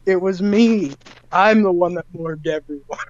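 A man's voice: sits high, a little slow, crowd noise. A man co-hosting a podcast in casual chat, wry and joking. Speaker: podcast co-host. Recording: dull dry mic.

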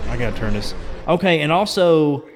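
Man, podcast host, casual rant, profane, outraged, slightly high voice, long reverb. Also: big pitch swings, moderate pace. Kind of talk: casual chat.

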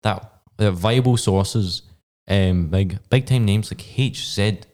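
Halting low-voiced young man. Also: darkish tone. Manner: halting, unsure, with fillers. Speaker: podcast co-host. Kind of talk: casual chat reviewing a TV episode.

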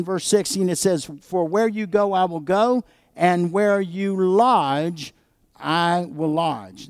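A man's voice: sits high, darkish tone, no room sound, studio quality. A middle-aged American man preaching a sermon, emphatic and calling out to the congregation for amens. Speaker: pastor.

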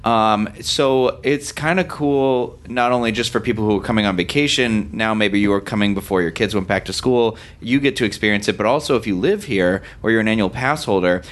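A man's voice: fairly low pitch, fairly quick, few pauses. A man co-hosting a casual podcast discussion, chatty and upbeat. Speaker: podcast co-host.

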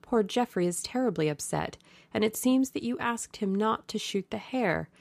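A woman's voice: mid-range voice, lively intonation, normal speed, creaky, darkish tone, no room sound, voice pushed up. A woman reading the part of a witty, flirtatious aristocratic lady with a teasing manner. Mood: curious.

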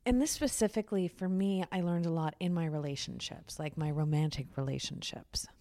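A woman's voice: low voice, fairly quick, mellow, no echo. A woman talking frankly in a candid conversation, swearing freely and acting out what other people say. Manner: frank, swears freely, acts out quoted voices.

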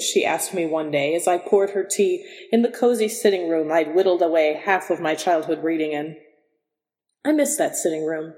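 A woman narrating a story in the first person, in a dry, measured and wry way. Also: deep voice, darkish tone, in a large hall. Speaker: audiobook reader.

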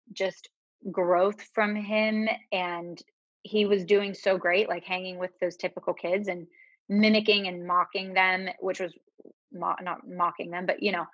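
Tearful woman talking haltingly. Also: medium pitch, fairly bright tone, no room sound, highs cut off. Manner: tearful, halting, with many fillers and restarts. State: crying at times. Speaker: podcast guest. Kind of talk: emotional personal conversation.

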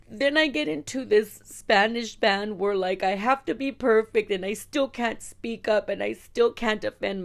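Woman in her 40s from east LA, a bit of vocal fry, cussing and talking straight to listeners as she tells her story. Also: fairly high pitch. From East Los Angeles. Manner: blunt and profane, talks straight to listeners. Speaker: podcast host telling her story. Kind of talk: casual storytelling.

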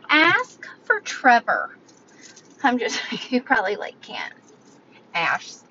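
A woman's voice: high voice, a bit bright, dull audio, slight background noise. A woman in her thirties casually telling viewers a story, self-mocking and laughing often. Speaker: vlogger.

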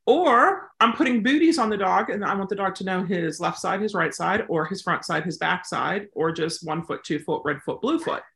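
A woman's voice: on the low side, normal speed, creaky, few pauses. Chatty woman teaching dog training. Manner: chatty, animated, acts out examples. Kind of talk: casual teaching talk.

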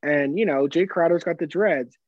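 A male podcast co-host talking sports in loose, rambling chat. His voice sits a little high, and he stumbles, restarts and swears as he goes. The recording is dull and dry, with no room sound. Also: moderate pace, darkish tone, no echo. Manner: rambling, many fillers and restarts, swearing freely.

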